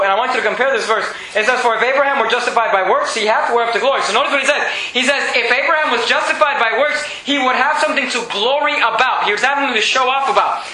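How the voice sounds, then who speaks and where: A man preaching a sermon, reading scripture slowly and swinging from raised, emphatic lines to low, quiet ones. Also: roomy sound, rough recording.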